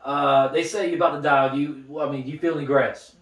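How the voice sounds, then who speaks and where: A man's voice: on the high side, fairly even intonation, fast talker. A man co-hosting a podcast in laid-back casual chat, laughing often and swearing casually. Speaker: podcast co-host. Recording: echoey room, mic at a distance.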